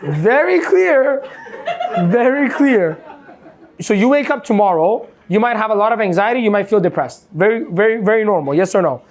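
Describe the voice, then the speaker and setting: A man's voice: sits high, moderate pace. Pumped-up guy running a motivational seminar, keeps asking the crowd yes or no. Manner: energetic, quizzes the audience with "yes or no?". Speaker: motivational coach. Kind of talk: live motivational seminar talk.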